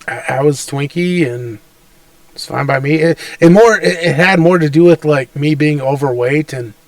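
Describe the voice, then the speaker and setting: A man's voice: fairly high pitch, normal speed, no echo, far from the mic. A young man co-hosting a podcast in casual chat, crude and rambling, laughing often. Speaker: podcast co-host.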